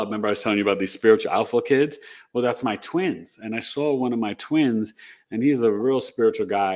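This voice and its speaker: Middle-aged man telling a personal story. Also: on the low side. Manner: animated, re-enacts dialogue in the telling; rambling with fillers like "you know" and "right?". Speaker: interview guest, astrologer. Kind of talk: personal storytelling in a casual interview.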